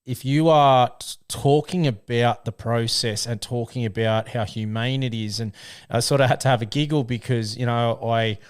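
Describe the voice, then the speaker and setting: Smooth-voiced Australian podcast host. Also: male voice, medium pitch. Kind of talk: casual podcast chat.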